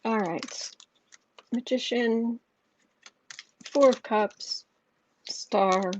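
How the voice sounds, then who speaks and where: A woman's voice: fairly high pitch, drawn-out words, slight background noise. Chatty woman rambling through a tarot reading. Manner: rambling, chatty storytelling with restarts. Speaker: tarot reader. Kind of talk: casual tarot reading monologue.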